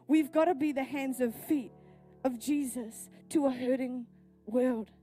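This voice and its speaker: A woman's voice: high-pitched, a little slow, dark tone, soft background music. A woman pastor with a New Zealand accent, pregnant, preaching a sermon at a church service with earnest personal storytelling.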